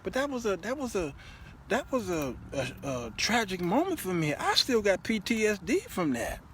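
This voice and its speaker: A middle-aged man hosts a talk show, spinning comic stories with lots of laughter and repetition. His voice sits a bit high and swings widely in pitch. A faint hiss sits under the recording. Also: moderate pace. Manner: animated, laughing and repeating himself. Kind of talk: comedic storytelling monologue.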